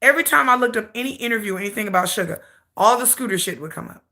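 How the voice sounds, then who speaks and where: Woman host, livestream rant, dramatic and salty; higher voice with gravel. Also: very fast. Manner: animated, dramatic storytelling with salty humor. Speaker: K-pop YouTube channel host.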